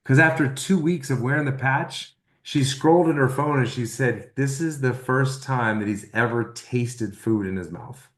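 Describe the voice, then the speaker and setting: A man telling a personal testimonial story, acting out the dialogue he quotes in an animated way. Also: mid-range voice, normal speed, hardly any pauses, roomy sound. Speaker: testimonial speaker.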